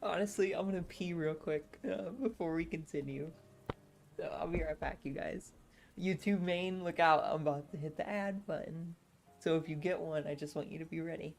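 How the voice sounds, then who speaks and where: A woman with a low voice and a sore throat riffs casually on a live stream. She giggles often and rambles, restarting her sentences as she goes. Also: steady tone, moderate pace, a little mellow, soft background music. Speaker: streamer reading a novel aloud.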